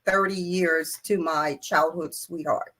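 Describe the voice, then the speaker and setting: An older woman, a guest on an interview show, telling a personal story in an animated way, acting out the quoted lines of other people with laughs and emphasis. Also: low voice, slow.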